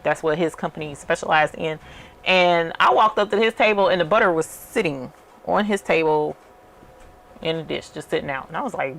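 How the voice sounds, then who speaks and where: Low, gravelly woman chatting. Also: normal speed, fairly bright tone. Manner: rambling, chatty storytelling. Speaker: channel host. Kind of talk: casual chat while working.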